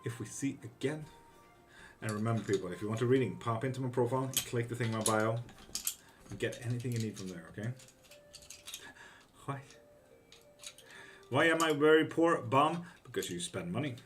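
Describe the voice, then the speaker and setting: A man's voice: mid-range voice, moderate pace, long pauses, soft background music. Blunt, swearing male livestream tarot reader. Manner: blunt, swears freely, reads chat questions aloud and answers them. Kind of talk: casual livestream chat reading viewer comments.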